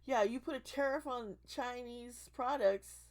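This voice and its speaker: A woman in her forties, hoarse from losing her voice, talking casually and emotionally to her channel members, rambling and restarting her sentences. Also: a little high, unhurried, few pauses. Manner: rambling, emotional, many restarts, swearing when worked up. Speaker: tarot reader and channel host.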